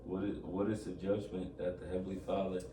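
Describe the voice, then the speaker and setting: A man teaching from scripture, reading old-style verses in a measured, solemn way and then explaining them. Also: deep voice, little pitch movement, noisy background. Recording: echoey room, distant mic, music behind.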